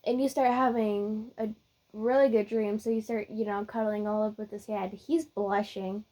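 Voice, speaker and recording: A woman's voice: medium pitch, level tone, dark tone. A woman narrating a reader-insert story in a casual, chatty way. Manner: unhurried, chatty, with fillers.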